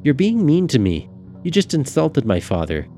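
A man's voice: fairly low pitch, animated, a little fast, mellow, lightly acted. A man reading aloud, voicing a tearful, spoiled little girl with a whiny, pleading manner, over faint music.

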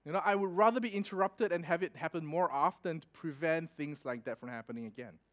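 A young adult man preaching a sermon, telling a personal story in a casual, animated way and laughing as he goes. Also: on the high side, quick pace. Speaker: pastor.

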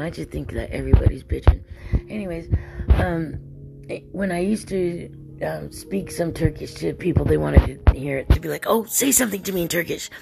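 Low gravelly-voiced woman chatting. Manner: rambling, chatty, laughs often. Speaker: podcast host. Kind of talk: casual solo podcast monologue.

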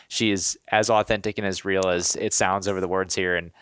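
A very low-pitched man hosts a podcast, talking in an earnest, rambling way full of "you know" and restarts. The sound is dry and close, with no room echo. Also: level tone, a little fast, fairly bright tone, clean tone. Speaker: podcast host. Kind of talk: casual interview chat.

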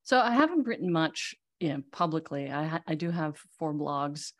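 A woman talks as a podcast guest, her voice sitting low in pitch. She tells stories in an animated way, with lots of back-and-forth chat. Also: normal speed. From Netherlands. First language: Dutch. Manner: animated storyteller, lively anecdotes. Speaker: magazine CEO, podcast guest. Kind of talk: casual interview chat.

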